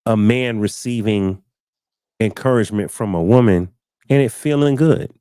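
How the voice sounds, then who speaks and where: A man's voice: mid-range voice, animated, normal speed, a little mellow, clear, resonant tone, dry recording, studio quality. A man hosting a casual live-stream talk show, telling stories and acting out what other people said, often repeating words as he finds his thought. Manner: storytelling, acting out quoted people.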